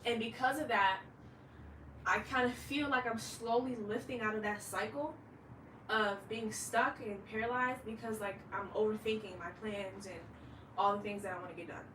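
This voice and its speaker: A woman's voice: medium pitch, steady tone, moderate pace, fairly bright tone, echoey room, far from the mic, slight background noise, low-quality recording. A woman in her late twenties, a fashion designer, talking candidly in a rambling vlog monologue and swearing freely. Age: late 20s.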